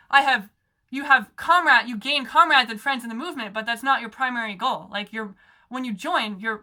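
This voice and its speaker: A woman's voice: high-pitched, bright, forceful tone. A young woman organizer giving an impassioned talk, sarcastic and heated, full of "like" and "okay".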